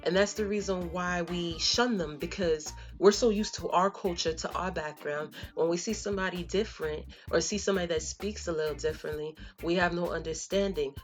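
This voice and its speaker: A young woman from Florida talking casually to her viewers, telling stories and slipping into slang and fillers as she goes. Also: lowish voice. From Florida, USA. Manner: conversational and storytelling, drops in slang and fillers. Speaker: vlogger. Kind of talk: casual talk to camera.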